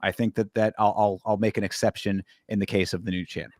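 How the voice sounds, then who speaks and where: A man's voice: fairly low pitch, flat delivery, brisk, a little mellow, no echo, studio quality. A man co-hosting a casual sports podcast, talking in an easygoing way with lots of fillers. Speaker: podcast co-host.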